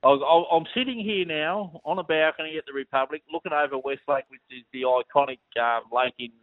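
A man's voice: a little high, a little fast, dry recording. A chatty Australian man phones in with his racing tips, sprinkling his talk with friendly asides. The line is tinny and phone-like, dry and close. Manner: chatty, matey, keeps saying mate. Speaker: racing tipster calling in. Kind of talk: casual phone chat.

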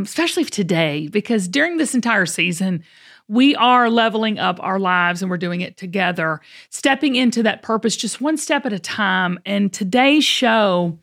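A middle-aged woman hosting a podcast, chatty and folksy, quick to laugh. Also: medium pitch, gravelly, fairly bright tone. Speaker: podcast host. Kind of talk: casual chat.

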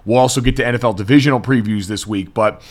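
A man's voice: medium pitch, quick pace. A man hosting a sports podcast in casual, chatty talk full of asides. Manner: chatty, many "like" fillers, lively asides. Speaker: podcast host.

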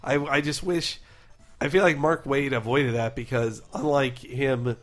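A man co-hosting a comics podcast, talking in a rambling, casual way with lots of fillers and quick asides. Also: mid-range voice, fairly even intonation, a bit bright. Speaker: podcast co-host. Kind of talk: casual chat.

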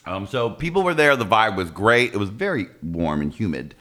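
A man co-hosting a casual chat, telling stories in an animated way and acting out quoted voices. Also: fairly low pitch, moderate pace.

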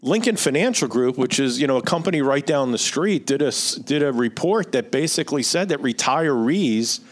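A man's voice: medium pitch, lively intonation, moderate pace. A middle-aged man with a Philadelphia accent, hosting a retirement-planning podcast in a conversational, explanatory way that keeps checking in with "right?". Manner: explanatory, reads out figures, asks rhetorical "right?". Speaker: financial advisor podcast host.

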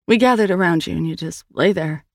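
A woman's voice: on the low side, a little fast, dry recording, studio quality. A woman narrator voicing an earnest young woman who urgently reassures her brother.

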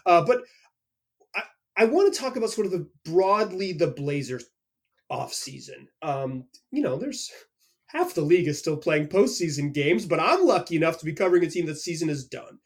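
Excitable podcast host guy, high voice that jumps all over, loose chatty storytelling. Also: normal speed. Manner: energetic, animated storyteller with frequent restarts. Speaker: podcast host and team reporter. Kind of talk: casual podcast interview.

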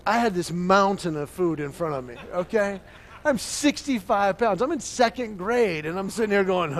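A middle-aged man preaching and telling a personal story, swinging from hushed to loud as he acts out the dialogue. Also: high voice, animated, fairly quick. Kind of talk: sermon storytelling.

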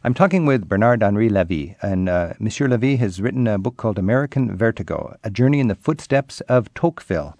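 A man's voice: lowish voice, animated, quick pace, few pauses, a little mellow, no echo. A man hosting an interview, conversational and affirming with short interjections. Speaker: interview host.

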